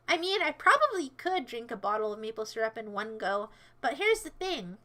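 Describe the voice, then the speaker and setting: High, lively, bright-voiced woman streamer. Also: a little fast. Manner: playful, sassy, rambling. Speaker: livestreamer. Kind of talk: casual livestream chat, answering viewers.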